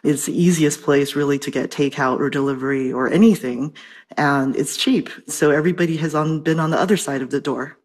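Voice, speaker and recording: A woman's voice: sits low, fairly quick, darkish tone. A woman professor and translator speaking as an expert guest, articulate and explanatory, heard over a remote connection. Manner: articulate, lecturing. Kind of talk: expert interview.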